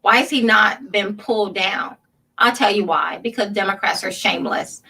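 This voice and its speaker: A woman's voice: medium pitch, moderate pace, gravelly, pushed and bright, slightly rough, distant mic, low-quality recording. A woman hosting a political commentary show, sarcastic and laughing often as she reads headlines aloud. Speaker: show host.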